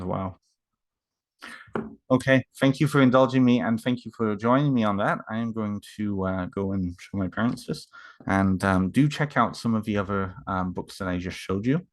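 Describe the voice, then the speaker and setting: Deep-voiced man, halting casual vlog. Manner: halting, many fillers and restarts. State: emotional, moved. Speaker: author unboxing books. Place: home.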